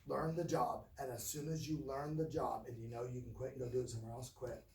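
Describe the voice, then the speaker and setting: Man voicing gruff, commanding farmer dad, barks orders, heard across a roomy space. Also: medium pitch, fairly even intonation, fast talker, darkish tone, lightly acted. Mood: steady. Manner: blunt and commanding. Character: gruff tough farmer father, middle-aged man. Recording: roomy distant mic.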